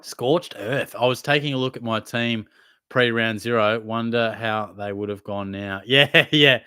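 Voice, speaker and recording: A man's voice: mid-range voice, measured pace, sharp tone, smooth, no room sound, studio quality. A young man hosting a casual live Q&A, reading out viewers' questions and answering them in a laid-back, matey way. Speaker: livestream host answering chat questions.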